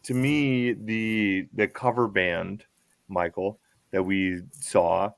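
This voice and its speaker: A man hosting a casual music podcast livestream, talking in halting bursts with many restarts, enthusiastic. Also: on the low side, fairly even intonation, gravelly, no room sound. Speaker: podcast host. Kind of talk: casual chat. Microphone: remote video call.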